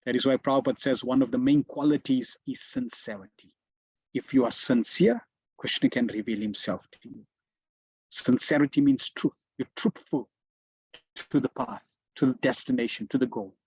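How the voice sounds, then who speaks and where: A man giving a slow, deliberate devotional lecture as a spiritual teacher, telling stories with emphatic repetitions. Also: mid-range voice, darkish tone, breathy edge, no room sound. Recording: dull, lo-fi dry sound.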